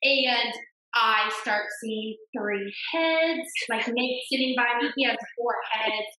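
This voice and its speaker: A young adult woman telling a personal story as a podcast guest, animated and acting out the voices of the people she quotes. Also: on the high side, slow. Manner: animated, mimics voices when quoting others. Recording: echoey room.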